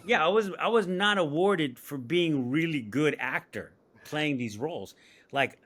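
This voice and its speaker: A man's voice: fairly high pitch, measured pace. A middle-aged man from San Diego, a screenwriter and comedian, telling stories in an interview with laughs and acted-out voices. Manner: animated storyteller acting out voices, laughs often. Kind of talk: storytelling interview.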